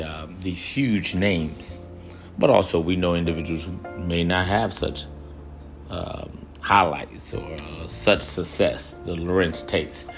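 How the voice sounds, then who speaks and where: A man giving an earnest motivational speech, repeating phrases to drive his points home. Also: low voice. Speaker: motivational speaker.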